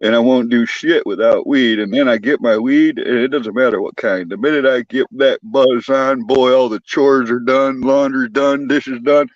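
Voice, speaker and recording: A man's voice: mid-range voice, steady tone, moderate pace, few pauses, no echo. A man calling in to a livestream, chatting in a laid-back, joking, swearing way. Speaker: guest caller on a stream. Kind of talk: casual chat. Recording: dull lo-fi call audio.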